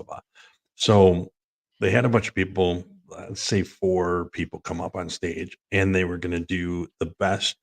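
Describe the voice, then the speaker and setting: A man co-hosting a sports talk show, telling rambling stories and laughing through them. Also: low voice. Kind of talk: casual storytelling chat.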